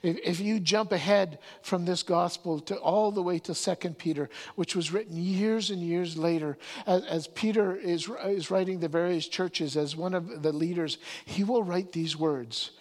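A man's voice: sits high, normal speed, hardly any pauses, in a large hall. A man preaching a sermon, telling the story earnestly and stumbling over restarts and repeated words.

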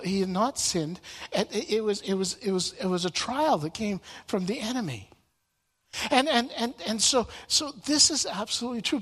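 A man's voice: high voice, fairly bright tone. A man teaching from the Bible in sermon style. He often repeats words and restarts his sentences. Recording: long reverb in a large room.

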